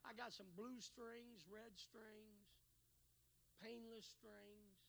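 High, bright-voiced shouting preacher. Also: male voice, level tone, extremely slow, creaky, low-quality recording. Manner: swings from hushed asides to shouting. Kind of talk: revival sermon.

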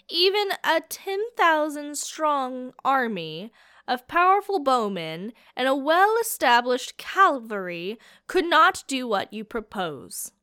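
A woman's voice: high-pitched, bright, forceful tone, dry recording, studio quality, exaggerated voice. A woman voicing a frightened but defiant young man who raises his voice to question.

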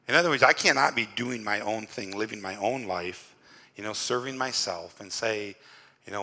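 A lowish, bright, forceful male voice preaching in a conversational way, stumbling over repeated words and leaning on "you know". The long reverb of a church hangs behind him. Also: fairly quick. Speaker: pastor. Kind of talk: sermon. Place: church during a worship service.

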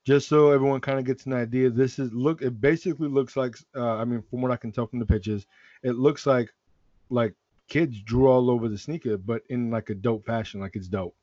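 A man hosting a casual sneaker chat, relaxed and rambling, often restarting his sentences. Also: mid-range voice, a little fast, dry recording, highs cut off. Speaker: sneaker podcast host.

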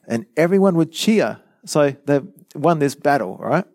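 A man's voice: fairly high pitch, expressive, measured pace, darkish tone, no echo, clean studio sound. A man giving a teaching sermon, earnest and emphatic, who explains with rhetorical questions and repeated lines. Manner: rhetorical questions, acts out quoted voices. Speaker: preacher.

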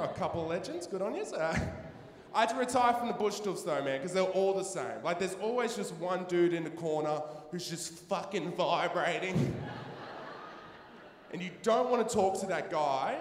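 A man's voice: sits high, slight background noise. A man doing a loose, rambling, slangy stand-up routine on a large theatre stage. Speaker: stand-up comedian. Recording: echoey hall, live stage.

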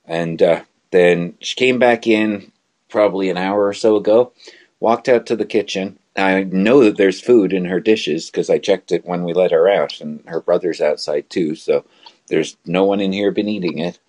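A man's voice: low voice, moderate pace, a little mellow. A man co-hosting a casual live show from his bedroom, telling rambling stories in an easygoing way. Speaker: co-host.

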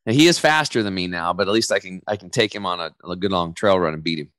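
A man in his forties, a podcast guest talking in a loose, energetic, casual way and acting out quoted voices as he tells stories. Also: low voice, quick pace, no room sound. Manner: energetic, loose storyteller who acts out quotes. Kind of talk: casual interview chat.

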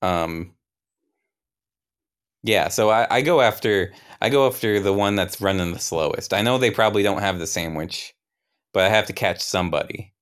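A young man with a low, resonant voice narrates his character's memory in an improvised tabletop game. He rambles and interrupts himself, dropping wry asides along the way. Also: normal speed, smooth.

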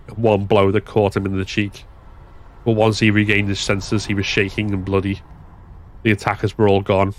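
A man giving a steady, measured scripted narration of a story. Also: fairly low pitch, a little hiss or hum.

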